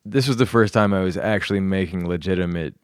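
Laid-back Southern man, smooth low voice. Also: fast, no echo, studio quality. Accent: coastal Southern American. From the Carolinas, US South. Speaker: musician guest. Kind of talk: casual interview chat.

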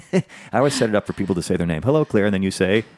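Deep-voiced, jokey male host. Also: expressive, fast, darkish tone, no echo, studio quality. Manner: jokey, effusive, laughing. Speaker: radio show host. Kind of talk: casual interview chat.

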